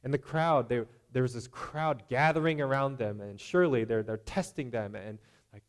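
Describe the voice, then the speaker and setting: A man's voice: medium pitch, normal speed, few pauses. A man preaching a sermon in a conversational way, often asking "right?" and acting out the voices of imagined people.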